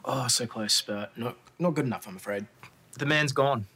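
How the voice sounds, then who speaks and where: Relaxed man narrating a tabletop game. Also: mid-range voice, moderate pace, slight background noise. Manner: relaxed, hesitant narration with fillers. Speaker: game master.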